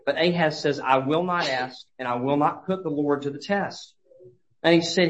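This sermon comes from a pastor whose voice sits on the high side, recorded with the highs cut off. He speaks with earnest conviction, though he keeps stopping and starting his phrases over.

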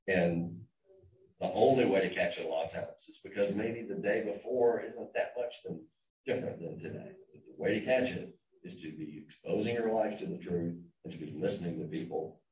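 A man's voice: sits low, darkish tone. A man giving a conversational church lesson, often restarting and repeating words. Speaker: church teacher. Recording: roomy, distant, dull room recording.

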